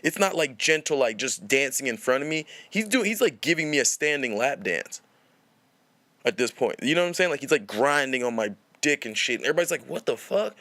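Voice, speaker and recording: A young man tells a long story on a podcast, rambling and cursing, restarting his sentences again and again. His voice sits at an ordinary pitch for a man. The sound is dry and close, with no room in it. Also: animated, brisk, bright, forceful tone, no echo. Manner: rambling, profane, restarts often. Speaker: podcast host. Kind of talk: casual storytelling.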